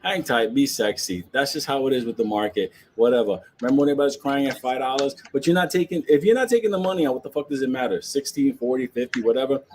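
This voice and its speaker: A man's voice: medium pitch, expressive, quick pace, few pauses, a little mellow, slight background noise, poor audio. A man, ranting about the stock market to his viewers in a brash, profane, joking way, laughing often.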